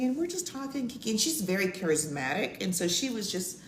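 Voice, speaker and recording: A middle-aged woman telling a personal story to her listeners in a loose, chatty way. Her pitch swings widely, and she jumps up high when she acts out what people said. She is recorded in an echoey room with a faint hum of ambience behind her. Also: fairly quick, few pauses. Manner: animated, acts out quotes in a high voice. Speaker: podcast co-host. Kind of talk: casual storytelling.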